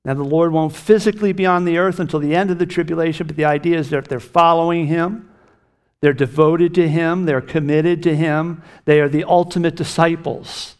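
A man's voice: fairly high pitch, steady tone, moderate pace, clear, resonant tone. A middle-aged man preaching a sermon as pastor, earnest and emphatic, lifting his voice on key phrases.

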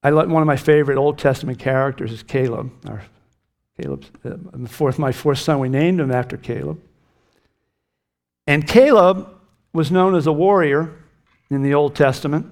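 A man's voice: on the high side, moderate pace. A middle-aged man preaching a sermon as pastor, earnest and emphatic, lifting his voice on key phrases.

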